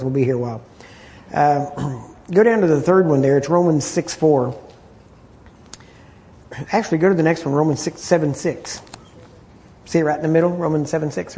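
A man teaching an informal Bible study, talking conversationally, repeating himself and often clearing his throat. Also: on the high side, mellow.

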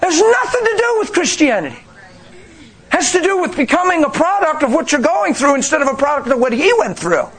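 High-voiced man preaching emphatically. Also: big pitch swings, brisk, fairly bright tone. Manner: emphatic, with rhetorical questions and calls to the congregation. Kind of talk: sermon.

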